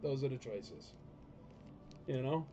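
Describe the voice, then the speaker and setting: A man's voice: mid-range voice, animated, takes it slowly, warm tone, lo-fi sound, soft background music. A man hosting a live toy auction stream, blunt and joking, ranting between lots. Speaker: auction host.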